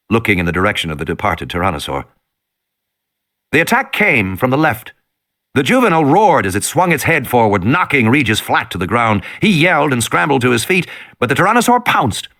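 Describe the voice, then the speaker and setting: A man reading an audiobook in an expressive, dramatic narration. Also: mid-range voice.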